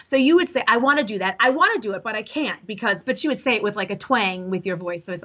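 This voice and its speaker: Bright-voiced chatty woman psychic. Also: fairly high pitch, lively intonation, fairly quick, highs cut off. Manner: chatty, rambling, self-correcting. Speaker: psychic reader. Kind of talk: live call-in psychic reading.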